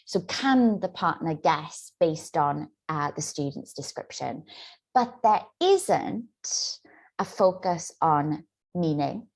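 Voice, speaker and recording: Lower-pitched woman explaining clearly. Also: slow. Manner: clear, explanatory, steady delivery. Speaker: teacher trainer presenting a webinar. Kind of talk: webinar presentation and demo dialogue.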